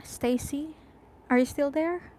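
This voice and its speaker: A woman's voice: high voice, takes it slowly, pitched above the performer's own voice. A woman reading as a worried, probing mother. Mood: concerned. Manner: gentle, probing questions. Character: worried middle-aged mother on the phone.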